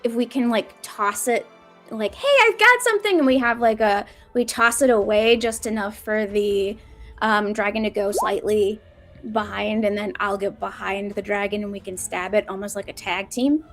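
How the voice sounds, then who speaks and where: A woman playing a tabletop role-playing game, talking through her character's plans in an animated way. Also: normal speed, faint music behind. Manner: animated, laughing, high-pitched character bits. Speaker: player.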